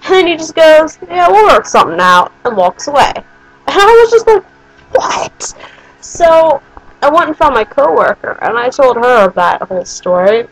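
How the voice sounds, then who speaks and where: A woman's voice: sits high, animated, normal speed, poor audio. A young woman vlogging, telling a story in a rambling way with lots of swearing and bursts of disbelief. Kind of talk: casual storytime monologue.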